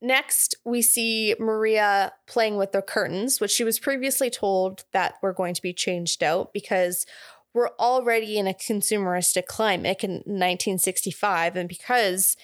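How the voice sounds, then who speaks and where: A woman's voice: mid-range voice, steady tone, normal speed, no echo, clean studio sound. A young woman co-hosting a podcast, chatting casually and laughing as she recaps a film's plot with asides. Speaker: podcast co-host. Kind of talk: casual chat recapping a film.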